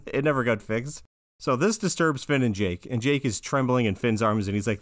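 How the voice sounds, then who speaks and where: Relaxed man with a dry, close sound. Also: medium pitch, normal speed, dry recording. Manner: relaxed, laughs often while narrating. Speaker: podcast co-host. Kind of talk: casual chat recapping a cartoon.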